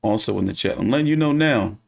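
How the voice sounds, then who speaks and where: A man's voice: lowish voice, animated, quick pace, gravelly. Profane, ranting male boxing streamer. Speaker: boxing channel host. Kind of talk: casual livestream commentary.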